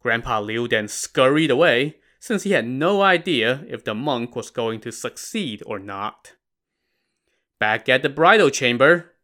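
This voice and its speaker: A man's voice: mid-range voice, sharp tone. A man narrating a classic tale in a casual, wry style with modern slang. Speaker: storyteller.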